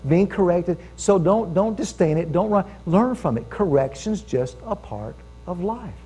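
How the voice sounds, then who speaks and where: An American man preaching a sermon as pastor, telling a story with lively calls to his congregation. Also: sits high, measured pace, slightly rough.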